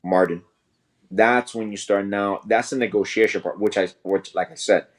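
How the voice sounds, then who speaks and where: A man co-hosting a casual sports podcast, talking in a relaxed, measured way. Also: on the low side. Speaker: podcast co-host.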